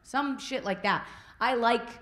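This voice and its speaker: A woman's voice: fairly high pitch, unhurried, fairly bright tone. A woman co-hosting a live podcast on stage, blunt and profane, often laughing. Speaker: podcast co-host. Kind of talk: live podcast banter before an audience. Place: festival stage before a live audience. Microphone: handheld mic.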